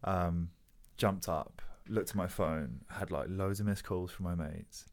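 Man, very low voice, casual podcast chat, animated storytelling. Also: measured pace. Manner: animated storyteller, swears freely.

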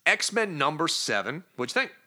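A man's voice: a little high, very animated, normal speed, pushed and bright. A man co-hosting a comic book podcast, casually retelling scenes, acting out characters' lines and laughing often. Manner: laughs often, playful asides. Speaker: podcast co-host.

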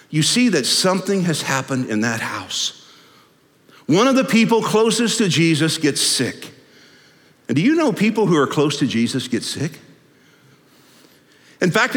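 A man's voice: high-pitched, fairly bright tone. A man preaching a sermon in a conversational, humorous storytelling way. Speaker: pastor. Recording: echoey hall.

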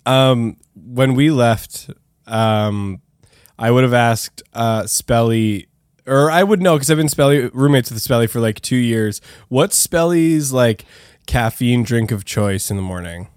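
A man's voice: medium pitch, a little slow, darkish tone, clean tone, no echo, studio quality. A man playing a tabletop game, rambling with lots of fillers. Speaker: player.

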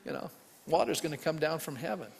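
Animated male pastor in a reverberant hall. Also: a little high, fast, creaky. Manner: animated storytelling, acting out quoted voices, swinging from loud to hushed. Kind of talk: sermon.

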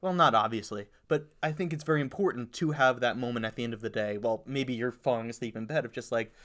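A man's voice: mid-range voice, quick pace, fairly bright tone. A man co-hosting a casual podcast chat, thinking aloud and correcting himself as he goes. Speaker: podcast co-host.

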